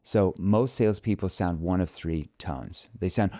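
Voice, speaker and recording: Deep, animated male sales trainer. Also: normal speed, hardly any pauses, no room sound, clean studio sound. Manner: emphatic, acts out phone calls in bright upbeat voices. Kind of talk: podcast interview.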